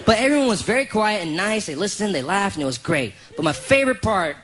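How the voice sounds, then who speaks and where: Animated male stand-up comedian, live. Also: sits high, fast. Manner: animated, laughing storyteller. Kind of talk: stand-up set. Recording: noisy live comedy club recording.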